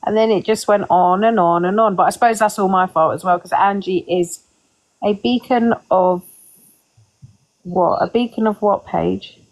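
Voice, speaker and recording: A woman's voice: mid-range voice, steady tone, moderate pace, rough recording. A woman hosting a casual live stream, talking in a combative, sarcastic way and swearing.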